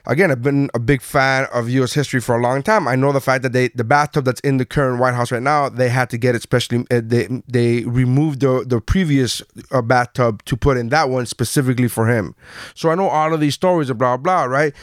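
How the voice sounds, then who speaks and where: A man co-hosting a casual podcast, swearing freely and telling stories with animated energy. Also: mid-range voice, a little fast, no room sound, studio quality. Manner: profane, animated storytelling. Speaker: podcast co-host. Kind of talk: casual chat.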